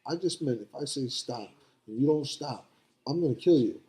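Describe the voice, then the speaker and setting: A man's voice: medium pitch, expressive, moderate pace, dark tone. A man in his twenties, a professional boxer, telling rambling stories as a podcast guest, laughing often and acting out what people said. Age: 20s. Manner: laughing, rambling storyteller who acts out quotes. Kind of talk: casual storytelling.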